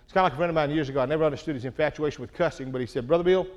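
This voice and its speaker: A man's voice: fairly high pitch, racing, highs cut off. Earnest man preaching a conversational sermon. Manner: earnest, conversational preaching with frequent "okay?" check-ins. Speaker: pastor.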